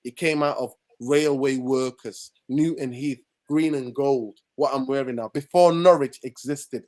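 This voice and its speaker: A man's voice: medium pitch, a little slow, darkish tone. A man from Manchester, ranting passionately about football as a podcast guest. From Manchester, England. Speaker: podcast guest and channel host. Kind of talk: heated football podcast discussion.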